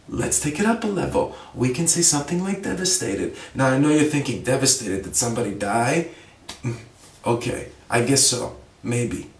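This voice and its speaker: An ESL teacher and podcast host gives a casual vocabulary lesson, speaking conversationally, acting out example phrases, and frequently checking in with "okay?" His medium-pitched voice moves at a moderate pace. He's recorded far from the mic in a room with a noticeable echo.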